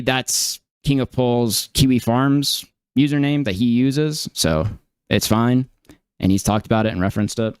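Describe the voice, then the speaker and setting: A man's voice: mid-range voice, a little slow, clean tone, no echo, clean studio sound. A man giving casual reaction commentary on a stream, incredulous and laughing, with many fillers and restarts.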